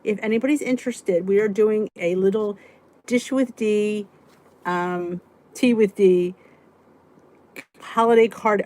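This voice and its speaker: Chatty woman hosting a live stream. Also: medium pitch. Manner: chatty, answers viewers' comments, trails off and restarts. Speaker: weight-loss vlog host reading live chat. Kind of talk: casual live-stream chat.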